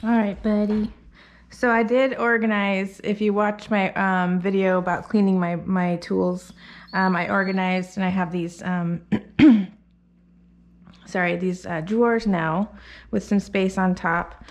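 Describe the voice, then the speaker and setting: A woman dog groomer talking casually as she works in her grooming salon, rambling with fillers and slipping into a soft sing-song voice to coax the dog. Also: mid-range voice, fairly even intonation, measured pace. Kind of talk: casual narration while working.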